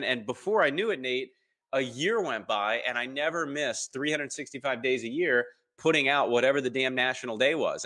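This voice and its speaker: A man's voice: mid-range voice, pushed and bright. A man in his thirties telling a story as a guest in a casual interview. He acts out the voices he quotes and fills his talk with ums. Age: 30s. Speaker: podcast guest.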